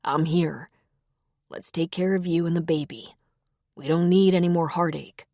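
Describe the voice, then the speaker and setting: A woman voicing a grieving young husband who stays gentle and protective, speaking in a soft, lowered, steady voice. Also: normal speed, no room sound, clean studio sound, natural voice.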